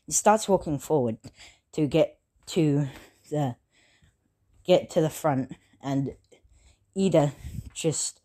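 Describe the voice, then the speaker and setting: A woman with a low, dark voice casually retelling a fan story. She stops and restarts often, filling gaps with ums and likes. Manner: halting, full of fillers and self-corrections.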